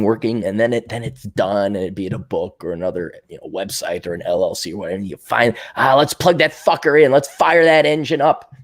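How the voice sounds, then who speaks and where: Animated, sardonic male podcast host. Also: fairly low pitch. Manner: sardonic, musing aloud, acts out inner voices. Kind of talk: rambling solo monologue.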